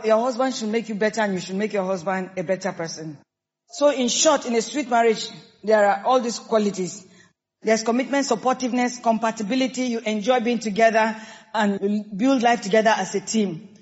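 A woman pastor with a Nigerian accent preaching a sermon, emphatic and lively, acting out quoted people. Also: on the high side, a little fast. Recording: dull sound with long hall reverb.

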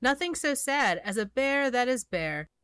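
Woman doing a whiny storybook bear, male, self-pitying, higher voice, slow dramatic moans. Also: lively intonation, fairly bright tone, smooth, no echo. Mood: sulky.

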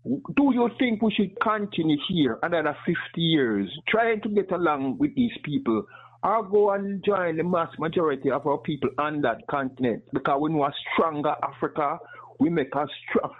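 A man's voice: on the high side, slightly rough. Man calling in by phone. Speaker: caller. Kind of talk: call-in radio question. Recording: tinny phone line.

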